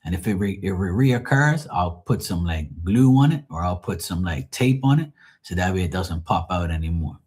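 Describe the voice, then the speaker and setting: A man's voice: low voice, normal speed, breathy edge. A man hosting a livestream, telling everyday stories in a rambling, profane, casual way. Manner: profane, rambling, animated when quoting others. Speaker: livestream host. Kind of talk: casual storytelling chat.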